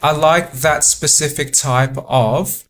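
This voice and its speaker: A man giving relaxed gameplay commentary, thinking aloud in a halting way and repeating words often. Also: fairly high pitch, slight background noise. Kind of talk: relaxed let's-play commentary.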